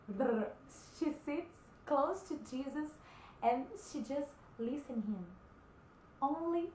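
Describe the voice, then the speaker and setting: A woman whose first language is Portuguese gives an earnest devotional talk in English, often pausing and searching for words. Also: a little high, a little mellow, roomy sound, a little hiss or hum, low-quality recording. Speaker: Christian vlogger.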